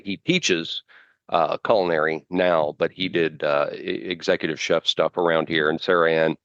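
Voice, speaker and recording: Podcast co-host, male, very low voice, halting chatty delivery, dry dull mic sound. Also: creaky, a bit bright, dry recording. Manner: rambling, halting with many fillers and restarts. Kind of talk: casual chat.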